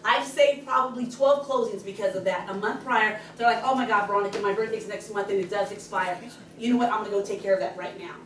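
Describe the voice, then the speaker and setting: A middle-aged woman, a real estate agent, giving a fast and excited training talk to her team at a meeting. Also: mid-range voice, slight background noise. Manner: fast, excited, loud when passionate. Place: meeting room. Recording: echoey room, speaker far from the camera mic.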